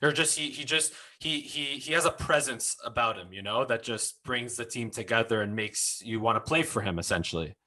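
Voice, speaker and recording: A man's voice: mid-range voice, normal speed, few pauses, bright, forceful tone. A man hosting a casual podcast, chiming in and finishing his guest's thoughts. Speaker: host.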